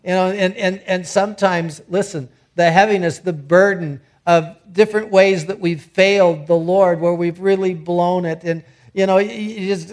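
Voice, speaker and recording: A man's voice: high voice, steady tone, normal speed, hardly any pauses. A middle-aged man preaching a sermon in a conversational way, often restarting his sentences. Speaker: pastor.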